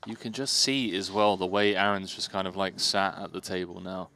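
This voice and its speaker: Deep-voiced male poker commentator. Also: fairly even intonation, pushed and bright. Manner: chatty, amused, quick to react. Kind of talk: live tournament commentary.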